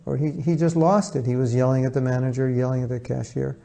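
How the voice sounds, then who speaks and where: A man with a gravelly, dark and mellow voice gives a relaxed spiritual talk. He speaks conversationally, slipping into short acted-out exchanges as he tells his examples. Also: medium pitch, fast talker, hardly any pauses. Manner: conversational, acts out little dialogues in a storytelling way. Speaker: spiritual teacher.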